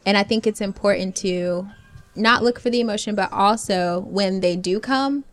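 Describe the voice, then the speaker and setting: A woman co-hosting a faith podcast, talking in an earnest, reflective way with many pauses. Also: medium pitch. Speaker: podcast co-host. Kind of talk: casual chat about prayer.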